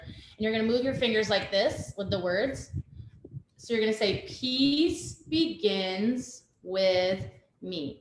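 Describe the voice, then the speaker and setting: Calm woman teaching yoga on a webcam. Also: mid-range voice. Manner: gentle, calm instructions with soft laughs. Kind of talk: guided family yoga class. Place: at home, with a dog nearby. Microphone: webcam on a video call. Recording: roomy home room with faint background noise.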